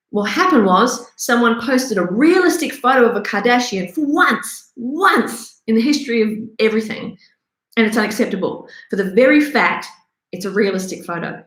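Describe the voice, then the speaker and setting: A woman's voice: medium pitch, a bit bright. A woman giving a sarcastic, self-deprecating commentary monologue that turns into a rant. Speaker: host. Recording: roomy echo.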